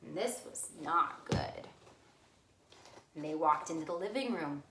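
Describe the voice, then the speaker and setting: A woman librarian reading a story and leading songs for children, slow, animated and sing-song. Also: sits low, reverberant, a little hiss or hum.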